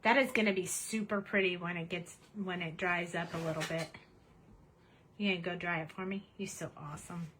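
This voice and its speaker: A woman's voice: on the low side, fairly even intonation, a little fast, a bit bright, slight background noise, rough recording. A woman hosting a casual craft demonstration at her home desk, chatty and cheerful as she narrates each step. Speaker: craft tutorial host.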